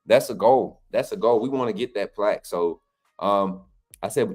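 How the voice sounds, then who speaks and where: A man's voice: on the low side, moderate pace. A man co-hosting a fan channel, telling a story casually with lots of restarts and y'all. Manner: rambling, many restarts and "y'all", animated.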